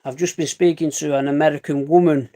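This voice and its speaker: A man from Salford with a Mancunian accent, rambling in fast, casual live-stream chat and calling listeners "mate". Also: fairly high pitch, fairly even intonation, mellow. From Salford, England. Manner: rambling, chatty, says "mate" often; fast dialect.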